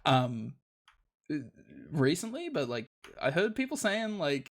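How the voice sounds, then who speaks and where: A man's voice: a little high, sing-song, a little slow. A man casting a live esports match play-by-play, laid-back and self-deprecating, laughing often.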